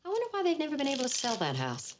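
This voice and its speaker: A woman's voice: sits high, huge pitch swings, very fast, noisy background. An actress playing a sensible suburban mother in a 1970s sitcom, reasonable but turning flustered and hesitant. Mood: calm, skeptical. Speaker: mother of a large family.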